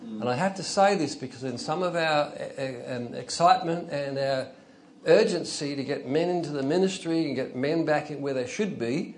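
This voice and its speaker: A man's voice: on the high side, moderate pace, slight background noise. An older man preaching an informal, conversational sermon, telling stories and rising into emphatic bursts. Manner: conversational, storytelling, chuckles, rises to emphatic bursts.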